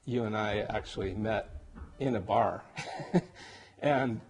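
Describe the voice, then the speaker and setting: A man recording a heartfelt, halting birthday message to his best friend, getting emotional and joking at himself. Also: fairly low pitch, a little mellow. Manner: emotional, halting, self-deprecating. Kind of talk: personal video message. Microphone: camera.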